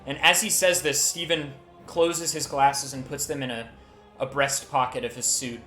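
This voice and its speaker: A man running a tabletop game as game master, telling the scene with lively restarts. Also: medium pitch, normal speed, echoey room, faint music behind. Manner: lively storytelling with many restarts.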